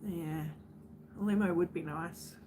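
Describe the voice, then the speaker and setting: A woman's voice: fairly low pitch, steady tone, a little slow, dark tone, slight background noise. An Australian woman chatting casually on her livestream, venting bluntly to her viewers and swearing freely.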